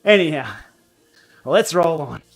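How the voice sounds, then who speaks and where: A man hosting a casual cycling livestream from his home training room, blunt and outspoken, quick to laugh. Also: fairly high pitch, lively intonation, faint music behind. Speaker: cycling YouTuber and livestream host. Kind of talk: casual livestream chat while riding.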